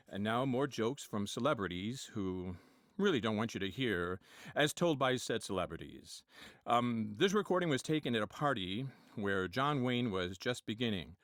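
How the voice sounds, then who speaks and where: A man introducing comedy bits in a deadpan announcing manner. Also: mid-range voice, normal speed, dry recording, clean studio sound. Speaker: comedy writer and impressionist.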